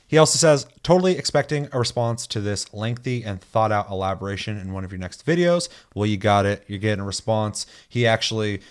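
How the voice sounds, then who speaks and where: A young man in his twenties or so chats casually on a podcast at an ordinary mid-range pitch. He reads listener comments out loud and swears freely as he goes. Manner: loose and profane, laughs often, animated when telling stories. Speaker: podcast host.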